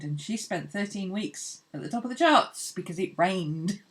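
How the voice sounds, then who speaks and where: A woman's voice: medium pitch, animated, moderate pace, hardly any pauses, a bit bright. A woman hosting an art channel, chatting casually and rambling cheerfully as she sketches. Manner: chatty, rambling, laughs easily. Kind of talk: casual chat while sketching.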